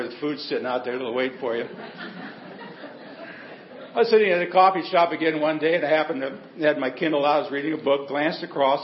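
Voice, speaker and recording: A man's voice: a little high, echoey room, dull audio. A male pastor preaching a sermon in a church, telling stories in a conversational, humorous way.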